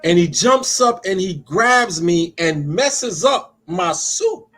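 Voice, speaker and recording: A man, pastor and host of a call-in show, telling a story in a conversational sermon style and slowing down to stress his points. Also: high voice, expressive, a bit bright, faint music behind.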